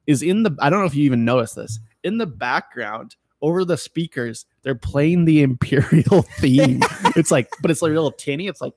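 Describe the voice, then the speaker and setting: A young man co-hosting a movie podcast in an incredulous, joking tone, voice a touch high and full of lively pitch jumps. The sound is close and dry, with nothing of the room. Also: moderate pace, few pauses, no room sound. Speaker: podcast co-host. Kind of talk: casual movie review chat.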